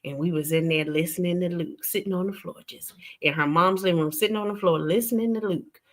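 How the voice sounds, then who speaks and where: A woman with a Southern US accent hosting a casual livestream. She tells stories with big swings between loud outbursts and hushed asides. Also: fairly low pitch, fairly quick. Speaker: livestream host.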